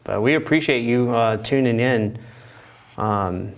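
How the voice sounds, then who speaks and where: A man hosting a live painting stream, chatting casually and telling loose, rambling stories in a relaxed way. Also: medium pitch, measured pace, lo-fi sound. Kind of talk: casual chat while painting. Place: art studio.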